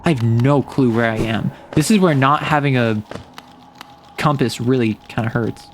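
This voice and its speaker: A man's voice: medium pitch, normal speed, a little hiss or hum. A man chatting casually while streaming a game, rambling and saying "like" often. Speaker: VTuber streamer. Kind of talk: casual gameplay stream commentary.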